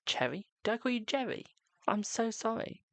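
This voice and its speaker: A man's voice: high voice, big pitch swings, normal speed, vocal fry, no room sound. A British man chatting casually on a live stream as a tarot reader, talkative and self-mocking, swearing now and then.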